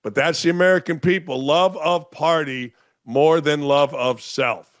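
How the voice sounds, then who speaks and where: A man's voice: on the high side, measured pace, no room sound. Sarcastic ranting male talk host, dry sound. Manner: sarcastic, ranting, rhetorical questions. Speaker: sports talk show host. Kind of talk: opinionated commentary monologue. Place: home studio in Florida.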